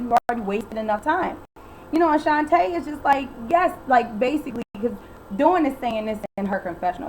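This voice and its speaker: A woman ranting bluntly through a casual recap, sarcastic and exasperated, often swearing and quoting others in quick put-on voices. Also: on the high side, a little mellow, slight background noise, low-quality recording. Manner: acts out others' lines in quick quoted voices. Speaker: reality TV recap vlogger.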